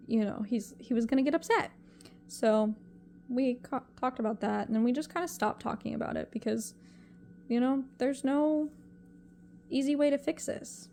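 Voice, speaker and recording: A young woman with a fairly high, mellow voice talks to camera in a confessional vlog. She is emotional and halting, and her thoughts ramble and trail off. A faint hiss sits under her voice. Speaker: vlogger.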